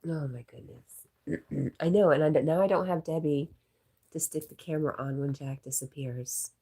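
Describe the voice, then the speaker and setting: A woman's voice: low-pitched, normal speed, slightly rough. A woman hosting a casual livestream, reading viewer comments aloud, laughing often and talking to her dog. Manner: reads chat aloud, talks to her dog; laughs often, drops to soft murmurs. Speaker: livestream host.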